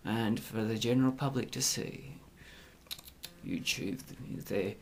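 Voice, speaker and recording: A middle-aged man ranting in a sarcastic, crude monologue, swinging between mutters and loud outbursts. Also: medium pitch, steady tone, unhurried, a little hiss or hum. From Australia. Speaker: vlogger.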